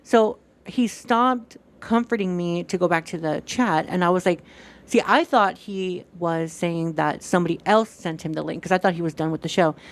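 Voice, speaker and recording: A woman chatting casually on a stream, retelling events animatedly, acting out quoted dialogue and swearing freely. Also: on the low side.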